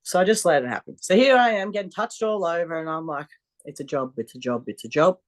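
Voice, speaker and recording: A fast-talking woman with a fairly low voice, she's a strongwoman athlete appearing as a podcast guest. She tells animated, blunt stories and swears freely in a laid-back interview.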